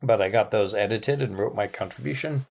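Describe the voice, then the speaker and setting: Low-voiced man co-hosting a podcast, genial and easygoing in casual chat. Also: brisk, creaky, darkish tone. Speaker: podcast co-host, reverend.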